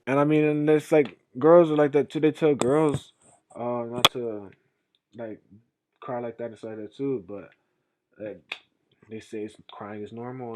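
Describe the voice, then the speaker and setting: A young man streaming a casual reaction, talking emphatically and rambling, swinging from loud to quiet. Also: medium pitch, fairly even intonation, unhurried, slight background noise.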